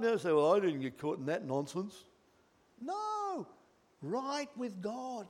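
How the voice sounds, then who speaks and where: High-voiced preacher, dramatic and emphatic. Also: male voice, big pitch swings, slow pace. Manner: dramatic swings from loud to hushed whispers. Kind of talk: sermon.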